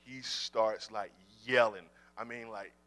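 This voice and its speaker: A man in full-time ministry telling a personal faith story in a casual, animated way, often repeating words. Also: lowish voice, takes it slowly.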